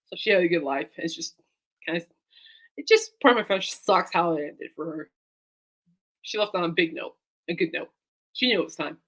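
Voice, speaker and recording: A woman's voice: on the low side, lively intonation, a little fast, pauses often, a bit bright, breathy edge. A woman talking casually to her camera as a vlogger and fan, rambling and heartfelt, turning aside to talk to her dog.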